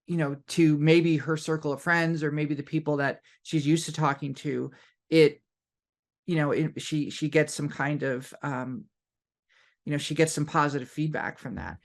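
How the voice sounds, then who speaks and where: Casual podcast co-host, male, somewhat high-pitched, rambling. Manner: rambling, frequent "like" and "you know". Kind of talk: casual chat.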